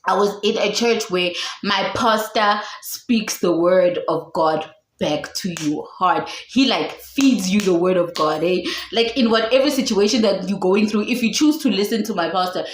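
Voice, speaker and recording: A young woman vlogger telling a story casually to the camera, dramatic and laughing, at times breaking into high shouts. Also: normal speed. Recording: echoey room.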